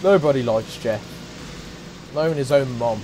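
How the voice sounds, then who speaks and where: A man giving excitable, profane let's play commentary as a gaming YouTuber, trash-talking and shouting now and then. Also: mid-range voice, normal speed, a little hiss or hum. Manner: shouts and whoops suddenly. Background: game music.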